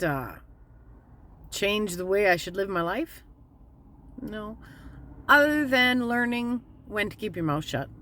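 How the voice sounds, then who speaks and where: A woman giving a casual, candid motivational talk as a spiritual vlogger, plainspoken and slowing down to stress her points. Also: medium pitch, a bit bright.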